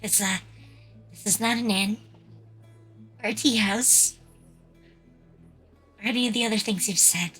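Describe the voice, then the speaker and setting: A woman's voice: medium pitch, a little slow, long pauses, fairly bright tone, slightly rough, faint music behind. A woman playing a tabletop game, speaking in a laid-back way. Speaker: player.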